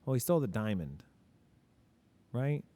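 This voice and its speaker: There's a sing-song lilt to this man's warm, mid-range voice, and he takes his time. He's a teacher casually going over grammar examples, posing and resolving his own questions while being upfront about what he gets wrong.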